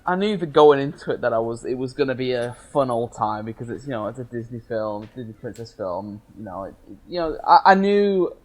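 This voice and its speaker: A man co-hosting a casual movie podcast, his voice sitting at an ordinary middle pitch for a man. He meanders through his thoughts and often fumbles for the right words. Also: animated, brisk, hardly any pauses, rough recording. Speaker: podcast co-host.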